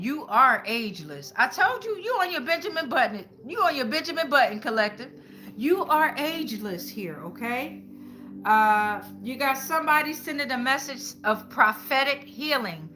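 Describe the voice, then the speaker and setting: Bright-voiced, slangy woman tarot reader. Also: high-pitched. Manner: casual, slangy, profane, talks to chat. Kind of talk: live-streamed tarot reading. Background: faint background music.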